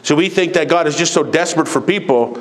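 A man pastor preaching a sermon in church, forceful, with mocking quoted voices. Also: a little high, fast talker. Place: church sanctuary. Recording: long hall reverb.

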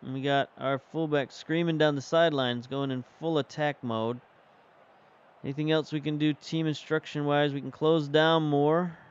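Guy chatting through his football manager game, smooth and kinda high voiced, a bit muffled sound. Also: fairly even intonation, normal speed. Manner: chatty, thinks aloud while managing the match. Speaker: game streamer. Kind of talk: casual commentary while playing.

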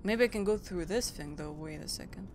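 A woman's voice: lowish voice, brisk, a little mellow, slight background noise. A woman from Europe hosting a gaming channel, reacting aloud and chatting through a let's play. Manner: chatty, reacting aloud, frequent small laughs.

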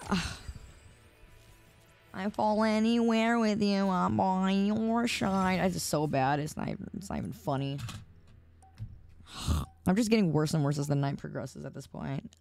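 A woman's voice: medium pitch, measured pace, vocal fry, long pauses, a little mellow, faint music behind. A tired woman streaming a game, chatting casually with her viewers in an exasperated, laughing manner on a close mic. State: tired from staying up. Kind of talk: casual live-stream chat while gaming. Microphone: close desk mic.

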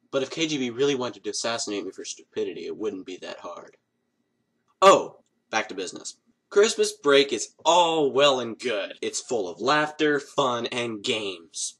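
A young man hosting a comedy video, delivering a scripted monologue in a sarcastic, self-mocking deadpan. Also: mid-range voice.

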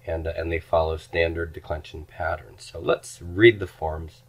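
Man, very low voice, patient lecture, explains grammar step by step, repeats forms aloud. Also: fairly even intonation, normal speed. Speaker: Greek teacher.

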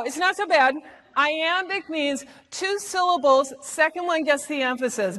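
High-pitched American woman, playful stage presenter who performs the quotes. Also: takes it slowly, fairly bright tone. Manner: playful, theatrical, acts out lines. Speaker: speaker at a live talk event. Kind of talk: lively presentation talk. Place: auditorium stage.

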